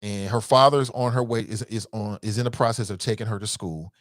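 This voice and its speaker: A man's voice: lowish voice, a little fast, dry recording, clean studio sound. A man hosting a call-in talk show, giving casual, emphatic commentary in slangy speech, repeating his points and laughing often.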